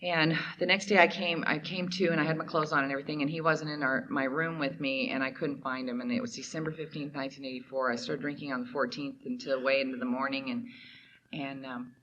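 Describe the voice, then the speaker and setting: Bright-voiced woman telling her recovery story. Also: extremely low pitch, steady tone, fairly quick, highs cut off. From Oklahoma, USA. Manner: candid, emotional storytelling with many fillers. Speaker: AA speaker sharing her story. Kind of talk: personal testimony talk. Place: meeting hall at a recovery convention.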